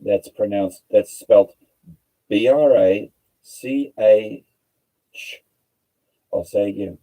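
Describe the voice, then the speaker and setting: Slow, dark-voiced rambling New man. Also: on the low side, poor audio. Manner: rambling, halting, stumbles over words and spells them out. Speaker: livestream host. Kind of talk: casual livestream commentary.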